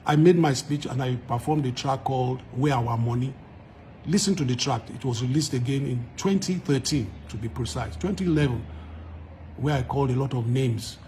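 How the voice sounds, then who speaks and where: This man, a musician with a Nigerian accent, addresses his followers directly on camera, pressing his argument hard and hammering points through repetition. He talks at normal speed in a mellow, mid-range voice, and a slight hiss or hum can be heard.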